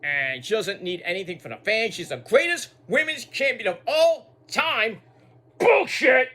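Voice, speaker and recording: A man recaps a wrestling show in a casual, rambling way, full of repeated words and asides. His voice is high and bright. His pitch jumps around a lot, and he curses without a second thought. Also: animated, moderate pace. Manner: swears freely.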